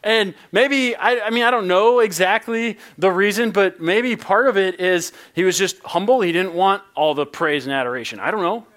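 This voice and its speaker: A man with a notably high voice, preaching as a pastor. His delivery is casual and playful, full of jokes and asides to the congregation while he drives the message home. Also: normal speed, hardly any pauses, fairly bright tone. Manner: playful, joking, conversational preaching. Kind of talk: sermon.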